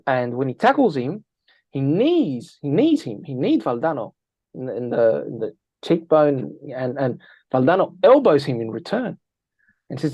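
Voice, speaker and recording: A man on an interview, a football analyst, telling lively anecdotes and acting out quoted lines. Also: medium pitch, normal speed, husky, dry recording. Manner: energetic, tells anecdotes with quoted dialogue. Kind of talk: animated storytelling interview.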